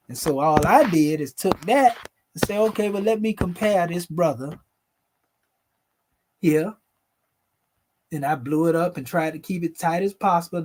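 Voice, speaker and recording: A man's voice: fairly high pitch, a little mellow. A man casually walking viewers through old photographs, talking in a loose conversational way and calling them family. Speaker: video host presenting photos. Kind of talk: casual explanatory talk over pictures.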